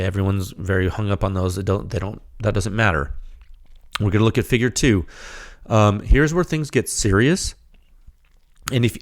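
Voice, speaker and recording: A man hosting a podcast, slightly hoarse and losing his voice, giving an emphatic, rhetorical unscripted technical monologue straight to his audience. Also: fairly low pitch. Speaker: podcast host, firearms silencer researcher.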